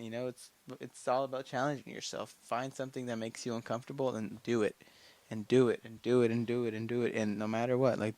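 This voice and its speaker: A man of nineteen hosting his own podcast alone, giving himself and his listeners a fired-up motivational pep talk, swearing often and repeating phrases. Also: mid-range voice. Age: late teens. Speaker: podcast host. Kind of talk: casual solo motivational podcast monologue.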